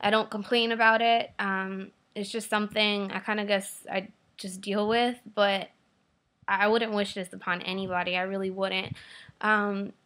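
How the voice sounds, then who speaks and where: A woman's voice: medium pitch, level tone, normal speed, fairly bright tone. A young woman talking candidly in a personal video diary, rambling with many fillers. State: tearful at times. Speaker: vlogger.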